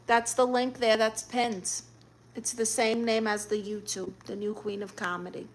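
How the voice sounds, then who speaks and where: A woman's voice: fairly high pitch, fairly even intonation, moderate pace, fairly bright tone. A woman hosting a casual livestream, reading out viewer comments in a playful way with sudden gasps and squeals. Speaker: livestream host.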